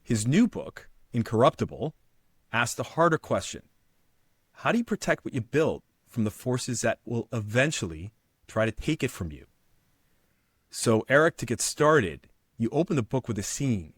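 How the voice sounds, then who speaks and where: A man's voice: medium pitch, dry recording. A male podcast host giving an upbeat, polished show intro and asking interview questions.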